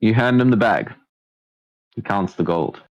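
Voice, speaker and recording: A man running a tabletop game as game master, relaxed and joking with quick asides. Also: fairly low pitch, no echo. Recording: dull lo-fi stream audio.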